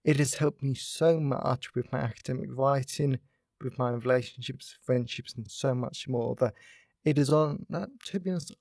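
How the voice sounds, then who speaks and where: Gravelly young man, rambling podcast chat. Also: mid-range voice, normal speed, darkish tone, dry recording, clean studio sound. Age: young adult. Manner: upbeat, rambling, heavy use of "like" fillers. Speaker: podcast host. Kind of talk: casual solo podcast chat.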